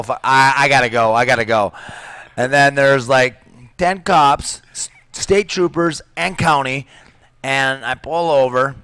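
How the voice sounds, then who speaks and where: A man's voice: mid-range voice, no echo. A man telling a story in casual podcast chat, acting out the other people's voices as he goes. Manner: animated, acts out voices in his stories. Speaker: podcast guest.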